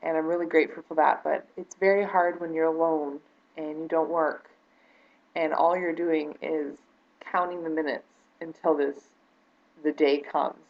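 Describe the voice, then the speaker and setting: A woman's voice: deep voice, fairly even intonation, moderate pace, muffled recording. A woman talking earnestly to camera in a personal vlog, hesitant with lots of fillers and restarts, near tears. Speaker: vlogger.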